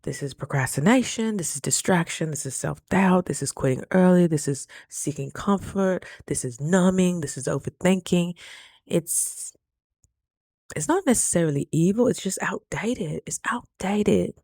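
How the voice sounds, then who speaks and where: A woman talks straight to her viewers in a casual storytime vlog. She is animated and chatty, and her voice sits a little low. The recording is close and dry, with no room sound. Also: normal speed, dry recording. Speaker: vlogger.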